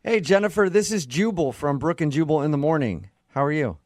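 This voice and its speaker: A man's voice: on the high side, animated, a little fast, a little mellow, no room sound. Sarcastic male radio co-host, dry studio. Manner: sarcastic, leads the call. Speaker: radio morning show co-host. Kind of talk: radio call-in segment banter. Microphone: studio mic.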